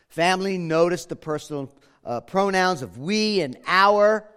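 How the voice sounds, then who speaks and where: Pastor, male, high voice, dynamic preacher who drops low then builds to emphatic peaks. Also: measured pace, fairly bright tone, clean tone. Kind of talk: sermon.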